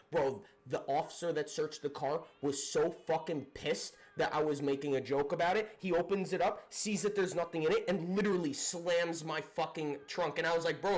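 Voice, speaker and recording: A young man recounts a story in a loose, profane vlog style. His voice sits a little high for a man, and he talks with lively energy and frequent laughter. Faint music plays underneath. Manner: profane, animated, laughing retelling. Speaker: storyteller vlogger. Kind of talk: casual storytime.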